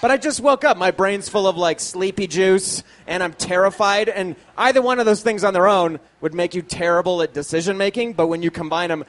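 A man with a fairly high voice tells a true story on stage at a live show. He is self-deprecating, swears freely and laughs as he talks. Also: fairly quick, hardly any pauses, fairly bright tone. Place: small live venue with audience.

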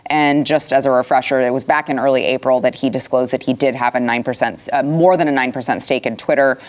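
A woman's voice: rumbling low, steady tone, fast. A woman hosting a political talk show, speaking in an emphatic, impassioned way. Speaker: host. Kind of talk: political commentary chat.

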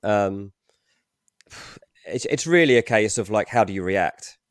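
Football pod pundit guy, thinks out loud, lots of ums, dry close mic. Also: fairly low pitch, expressive, a little slow, dry recording. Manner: analytical, hesitant, many ums and restarts. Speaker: podcast co-host, transfer pundit. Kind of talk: casual football podcast chat.

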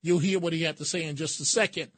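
A man's voice: fairly high pitch, fairly even intonation, fast talker, a bit bright, dry recording. Man hosting talk radio, dry studio sound. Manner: sympathetic, hesitant with restarts. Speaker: radio talk show host. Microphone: studio mic.

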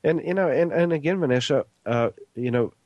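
A man's voice: a little high, fairly quick, dry recording, highs cut off. A man hosting a health radio talk show in casual, rambling speech with many fillers.

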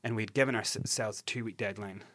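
A man's voice: lowish voice, fairly quick, no echo. A Scottish man in his forties, an interview guest telling his story candidly, swearing and restarting often. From Scotland. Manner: animated, swearing, many restarts.

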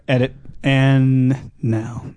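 A man's voice: medium pitch, level tone, extremely slow, warm tone, no echo. A young man hosting a casual radio show, bantering and joking with his co-host.

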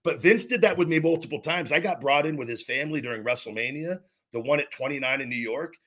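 A man's voice: mid-range voice, quick pace, fairly bright tone. A man in his forties, a former wrestler hosting a podcast, telling a long story in a rambling, casual way, with many repeats and restarts and some swearing.

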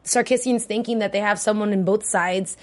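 A woman's voice: medium pitch, steady tone, a little fast. Woman co-host, casual recap chat, rambling and chatty.

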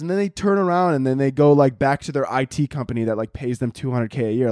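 A man's voice: a little high, lively intonation, quick pace, a little mellow, no echo, clean studio sound. Laughing, swearing young podcast man. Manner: laughs often, swears, mocks with quoted voices. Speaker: podcast host. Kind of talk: casual comedic monologue.

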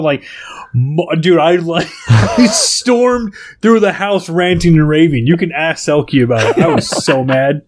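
A man in his thirties with a voice pitched a little high, telling profane stories in casual podcast chat. He talks fast when he gets worked up and laughs at his own rants. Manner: profane, animated storytelling. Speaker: podcast co-host.

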